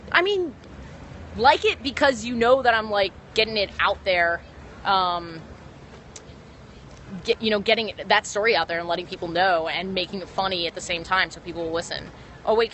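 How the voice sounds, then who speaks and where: Rambling young woman comedian, bright voice. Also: medium pitch. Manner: rambling, full of ums and self-corrections. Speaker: stand-up comedian. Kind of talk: casual livestream chat. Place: outdoors on a city street. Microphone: phone held to stream. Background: faint street traffic.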